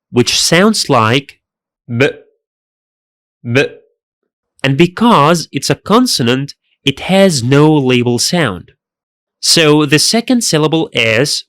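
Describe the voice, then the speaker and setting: A man's voice: on the high side, a bit bright, no echo. A man teaching a pronunciation lesson in careful scripted narration, repeating each sound twice. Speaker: language teacher.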